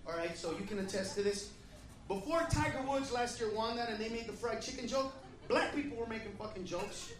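A man doing a brash, profane stand-up set, yelling punchlines at a live crowd in a comedy club. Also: very high-pitched, brisk, a little hiss or hum. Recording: echoey club audio from far off, crowd laughter.

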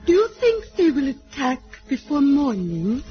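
A woman's voice: high voice, wildly swooping pitch, measured pace, faint music behind, exaggerated voice. An actress playing a woman reading romantic stage lines in a stilted, melodramatic way. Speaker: amateur actress. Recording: dull old TV sitcom recording.

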